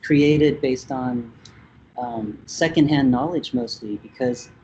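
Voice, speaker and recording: Man from Vietnam in his thirties, warm mellow tone, reflective and halting, heard over a dull lo-fi call line. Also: mid-range voice, a little hiss or hum. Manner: thoughtful, hesitant with many fillers. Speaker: musician guest. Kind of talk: casual interview talk.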